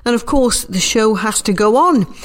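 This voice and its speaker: A woman with a slightly nasal voice, presenting a hospital radio show from home in a gentle, reassuring way. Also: a little high, animated, normal speed.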